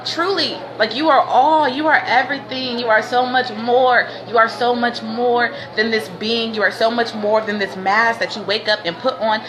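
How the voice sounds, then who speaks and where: A woman's voice: fairly high pitch, fairly even intonation, moderate pace, few pauses, a crowd in the background. A woman hosting a casual livestream, talking in laid-back slang, laughing often and breaking into preachy bursts. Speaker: livestream host. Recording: noisy ambience behind.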